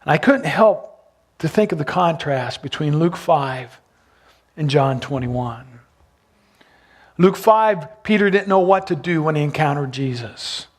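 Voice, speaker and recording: A man's voice: a little high, expressive, measured pace. A man preaching a sermon as pastor, retelling a gospel story and asking his listeners questions. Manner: storytelling, asks the congregation questions.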